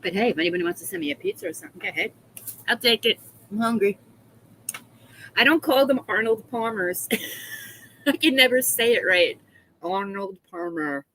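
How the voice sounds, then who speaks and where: A woman's voice: a little high, animated, fairly quick, pauses often, a bit bright, a little hiss or hum, low-quality recording. A woman chatting casually on a live stream from home, congested from a head cold, rambling and laughing often as she greets viewers by name. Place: small room at home.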